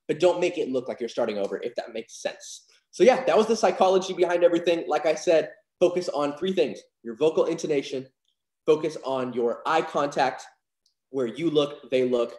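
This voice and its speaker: A young male magic instructor gives a casual online lesson in card magic, upbeat and confident but full of fillers. His slightly high voice is expressive, brisk and a little mellow, recorded in an echoey room.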